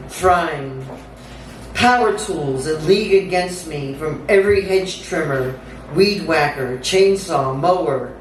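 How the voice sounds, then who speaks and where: A woman poet giving a live reading with a slow, incantatory delivery, repeating words for effect. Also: on the low side. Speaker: featured poet. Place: theatre stage. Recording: echoey theatre, distant mic, faint hum.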